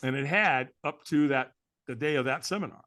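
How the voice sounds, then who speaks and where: A man's voice: medium pitch, a little fast, a bit bright. A middle-aged man, a guest in an interview, telling a story animatedly and acting out the dialogue. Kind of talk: storytelling in a conversation.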